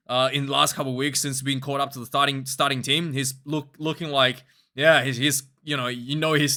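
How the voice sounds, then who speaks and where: A man hosting a casual rugby match review vlog, talking in an animated, rambling way with frequent laughs. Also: on the high side.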